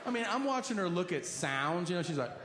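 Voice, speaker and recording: A man's voice: high-pitched, sing-song, fast, over a noisy crowd, heavy background noise. A man comedian telling a stand-up story, laughing through it as he goes. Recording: echoey room with loud ambience.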